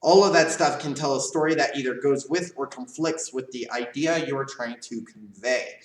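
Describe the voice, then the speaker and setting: A man leads a live leadership class for karate students, explaining ideas in a casual coaching manner and checking in with "right?" as he goes. His voice sits at an ordinary middle pitch. He stands a little back from the mic in an echoey room. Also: steady tone, normal speed, far from the mic. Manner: casual coaching tone, asks "right?" often, varies volume. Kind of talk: live online class lecture.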